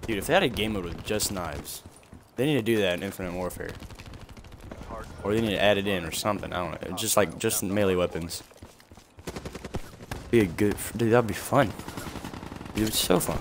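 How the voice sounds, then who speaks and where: A young man giving live gameplay commentary, animated and trash-talking, with sudden shouts at opponents. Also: sits low, normal speed, pauses often. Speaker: gaming commentator. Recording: game gunfire noise behind the voice. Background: in-game gunfire and explosions.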